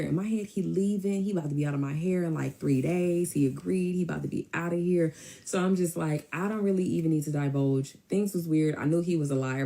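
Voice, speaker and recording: A woman telling a personal story in a casual, animated way, with emphatic asides. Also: low voice. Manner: animated, emphatic, quick to mimic others.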